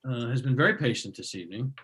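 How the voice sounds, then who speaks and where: A man hosts a live online comedy show at an ordinary pitch, introducing the next act. He rambles through his jokes with plenty of "uh" and "um". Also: lively intonation, quick pace, background noise. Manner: joking, rambling with fillers.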